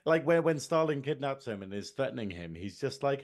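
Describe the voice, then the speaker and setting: A man with a Northern English accent co-hosting a casual review podcast, animated and jokey, often laughing. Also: mid-range voice, brisk. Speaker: podcast co-host.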